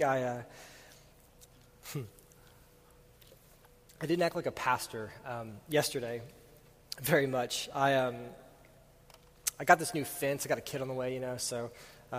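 Young male pastor, casual storyteller, slightly high voice, long hall reverb. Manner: casual, rambling storyteller with many fillers; grows loud and animated while telling the story. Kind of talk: sermon with personal story.

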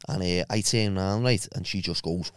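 A young man, a podcast guest telling crude, animated anecdotes with lots of laughter. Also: deep voice, moderate pace, clear, resonant tone, dry recording, studio quality. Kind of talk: casual storytelling chat.

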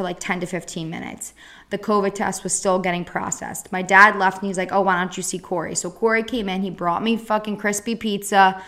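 Blunt young woman podcaster. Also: medium pitch. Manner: blunt, frequent swearing, animated retelling. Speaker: podcast host. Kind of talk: casual storytelling.

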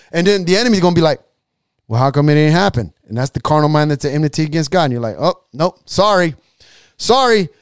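Emphatic high-voiced male preacher. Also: no room sound. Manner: emphatic, repetitive, rising to forceful declarations. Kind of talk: podcast sermon.

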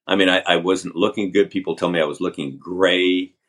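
An older man, a podcast guest, telling his story candidly in a halting, talkative way. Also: low-pitched, fairly even intonation, a bit bright. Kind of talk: storytelling interview.

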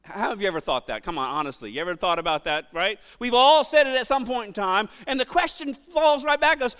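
A middle-aged man preaching a sermon, animated, acting out quotes and shouting for emphasis. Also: sits high, fast talker, hardly any pauses, smooth, long reverb tail. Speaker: pastor.

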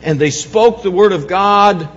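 Pastor, male, husky, higher-pitched, moves from quiet to loud preaching, church hall echo, dull recording. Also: measured pace. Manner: swings from soft, low reflection to loud, raised preaching; repeats words and restarts phrases. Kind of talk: Easter sermon. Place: church sanctuary.

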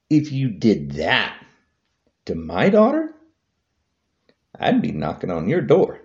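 A man's voice: huge pitch swings, takes it slowly, vocal fry, long pauses, lo-fi sound. A man delivering an angry political rant to camera, hurling repetitive insults. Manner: heated, repetitive insults, voice swinging high and low. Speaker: vlogger.

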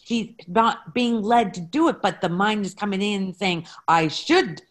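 A woman on a video call chatting casually in an expressive way while seeking spiritual advice. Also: mid-range voice, moderate pace. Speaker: caller. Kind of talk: casual chat on a webinar.

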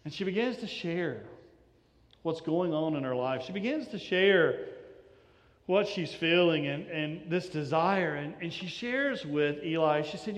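Brief: male pastor, high voice, conversational sermon with restarts, long reverb of a church sanctuary. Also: lively intonation, a little slow. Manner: conversational, repeats words on restarts.

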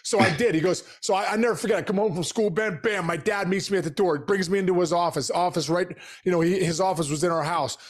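High-voiced, fired-up man telling stories. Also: fast talker, hardly any pauses. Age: 40s. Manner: energetic, acts out quoted dialogue. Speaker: podcast guest. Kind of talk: casual storytelling.

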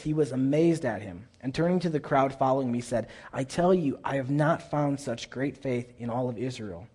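A man's voice: fairly high pitch, darkish tone, slightly rough. A man preaching a sermon in an earnest, conversational way, often repeating himself as he reads scripture aloud.

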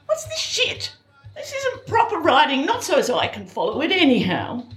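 A woman's voice: sits high, wildly swooping pitch, normal speed. A woman playing a brash Australian flower girl. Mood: defiant. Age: young adult. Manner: broad slangy street talk. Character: brash young working-class flower girl, defensive and cheeky. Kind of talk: stage play acting. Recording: echoey stage, distant, music behind.

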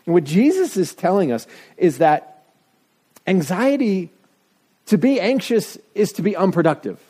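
A man's voice: a little slow, breathy edge. A middle-aged man preaching a sermon in a conversational, self-deprecating way. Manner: conversational, self-deprecating, lively shifts of pitch. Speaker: pastor.

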